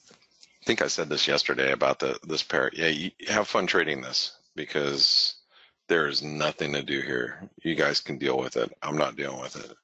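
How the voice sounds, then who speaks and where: A man's voice: very deep voice, moderate pace, sharp tone, slightly rough, no room sound, muffled recording. A man hosting a webinar, giving casual live market commentary in a rambling way that keeps correcting itself and restarting. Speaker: forex market analyst, webinar host.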